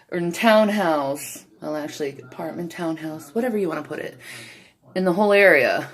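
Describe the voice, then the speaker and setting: Filming a walking tour of her apartment on a handheld phone, a vlogger moves from room to room indoors. Her voice is lowish and fairly quick, and she sounds out of breath as she talks in a showy, defiant way, calling her viewers "darling."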